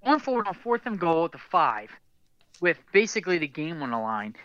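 A man's voice: on the high side, sing-song, brisk, bright, forceful tone, dry recording. A man hosting a sports podcast, talking casually and rambling, with frequent restarts and a lot of "dude". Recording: dull lo-fi dry recording.

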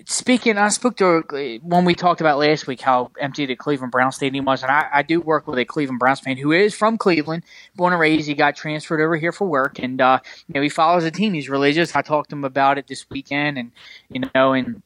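A man's voice: on the high side, a little fast, a bit bright, dry recording. A man co-hosting a casual sports podcast, talking with passion in a rambling way, full of fillers. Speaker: podcast co-host.

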